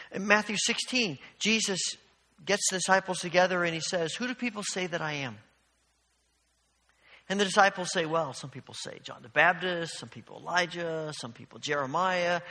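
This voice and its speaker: A man's voice: high-pitched, sharp tone, long reverb tail. A man preaching a sermon as pastor, earnest and storytelling, often restarting his phrases.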